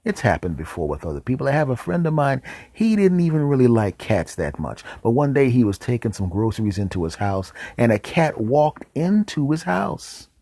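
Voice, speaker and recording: A man hosting a show, telling a comic story in an animated way with whispered deadpan asides. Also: mid-range voice, moderate pace, few pauses, no room sound. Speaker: show host.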